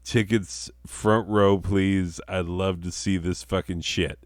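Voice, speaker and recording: A man's voice: low-pitched, steady tone, slow pace, no room sound, studio quality. A young man who is stoned and tells a rambling, profane story full of fillers while he plays a video game at his computer. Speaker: comedy storyteller and gamer.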